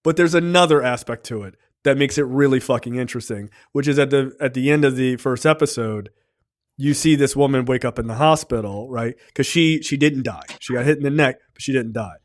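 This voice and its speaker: Male podcast co-host, casual and profane, animated storyteller. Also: mid-range voice, fairly quick. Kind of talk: casual chat.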